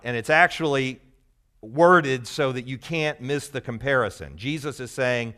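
A man's voice: medium pitch, expressive, takes it slowly, pushed and bright, smooth. A man giving a conversational, explanatory Bible teaching to a live group, teasing the audience now and then.

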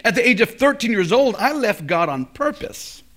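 A middle-aged male pastor preaching a sermon at a college chapel, telling stories with big swings from loud to hushed. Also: high-pitched, very animated, moderate pace.

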